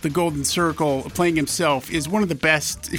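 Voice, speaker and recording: High, bright-voiced radio co-host, man. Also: fairly even intonation, moderate pace, soft background music. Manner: enthusiastic, emphatic banter. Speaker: radio morning show co-host. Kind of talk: casual radio chat and game hosting. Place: radio studio. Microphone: studio microphone.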